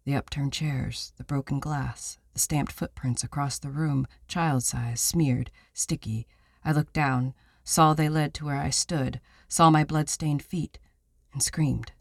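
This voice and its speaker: A man reading a novel aloud in the first person, measured and somber, recorded on a close studio mic. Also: fairly high pitch, fairly even intonation, vocal fry, no room sound. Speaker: audiobook narrator. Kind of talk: scripted first-person narration.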